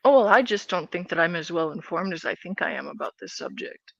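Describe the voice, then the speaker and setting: A woman's voice: fairly low pitch, lively intonation, brisk, gravelly, dry recording, dull audio. A woman arguing in an online voice chat, sarcastic and cutting, swearing. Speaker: participant in a heated online voice chat. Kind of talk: argumentative voice chat.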